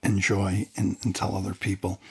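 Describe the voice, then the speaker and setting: A man with a low, gravelly voice and a husky edge, chatting casually. He recalls an old sermon and backs it up with short affirming replies. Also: completely flat delivery, moderate pace. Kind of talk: casual chat.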